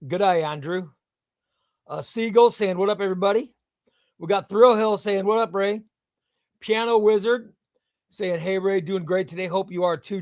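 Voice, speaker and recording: A friendly man hosting a live stream, chatting loosely and greeting viewers one by one. His voice sits a little high for a man and comes through dry and close, with no room sound. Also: no room sound. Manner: friendly, rambling, repeats himself. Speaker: host of a live comics stream. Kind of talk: casual live-stream chat, reading chat messages.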